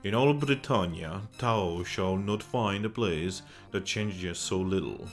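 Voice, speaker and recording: A man's voice: sits low, slow, soft background music. A man voicing a leering male innkeeper in a mock Russian accent, with old-fashioned formal speech. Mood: gruff.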